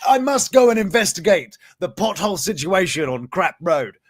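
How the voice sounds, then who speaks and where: A man's voice: high voice, sing-song, normal speed. A man playing a pompous male mayor who talks in a mock-official way. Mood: mock surprise.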